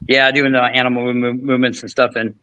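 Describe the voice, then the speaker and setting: A man's voice: medium pitch, level tone, quick pace, a bit bright, clean tone, no echo, dull audio. A man hosting a podcast, telling a long story in casual chat with frequent restarts and fillers. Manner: rambling, many restarts and fillers. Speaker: podcast host.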